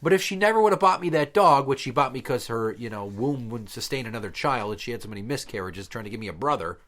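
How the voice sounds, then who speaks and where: A man in casual podcast banter who tells crude, profane stories about his past. He slips into the voices of the people in them, pitching up and down as he acts them out. His speaking voice sits in a middle register. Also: expressive, quick pace, a bit bright. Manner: profane storyteller, acts out voices mid-story. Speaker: podcast co-host.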